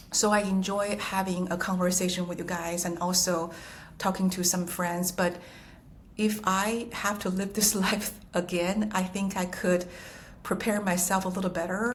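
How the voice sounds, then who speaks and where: A woman's voice: lowish voice, level tone, unhurried, a little hiss or hum. A woman guest on a podcast, speaking earnestly and reflectively with some hesitation. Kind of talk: reflective conversational talk.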